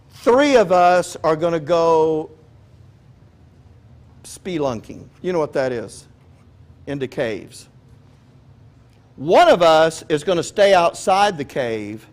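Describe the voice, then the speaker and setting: A man preaching a sermon in a conversational, joking way, often asking his listeners questions. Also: a little high. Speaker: pastor.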